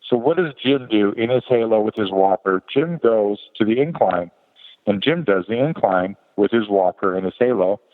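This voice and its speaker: Man telling a story over a tinny, echoing line. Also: moderate pace. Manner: lively, jumps higher to act out quoted people. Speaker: podcast guest. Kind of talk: animated personal storytelling. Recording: tinny phone-like line with long reverb.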